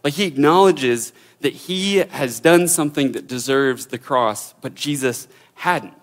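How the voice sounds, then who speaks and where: A man's voice: mid-range voice, unhurried. A young man teaching a Bible passage in a casual, informal way, full of fillers and restarts.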